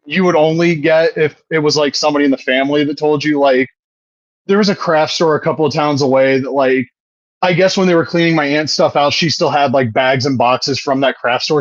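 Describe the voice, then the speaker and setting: A man in his 30s co-hosts a podcast, chatting casually, rambling, swearing and laughing often. His voice is fairly high-pitched, recorded dry with the highs cut off.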